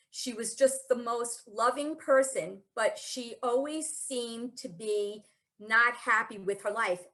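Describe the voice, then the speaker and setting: A woman with a fairly high voice speaks at a spiritual gathering. She talks in a relaxed, conversational way, retelling a story and pausing on fillers and restarts.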